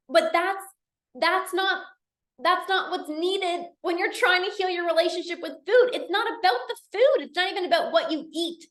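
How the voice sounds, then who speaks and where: A woman's voice: high voice, expressive, a little slow, a bit bright, reverberant. A woman coaching a live online masterclass, earnest and repetitive, laughing easily.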